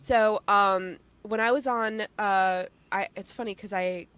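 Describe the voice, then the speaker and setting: A woman talking as a podcast guest, chatty and full of fillers, with quick laughs. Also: mid-range voice, fairly even intonation, a bit bright, clean tone, no echo. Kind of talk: casual interview chat.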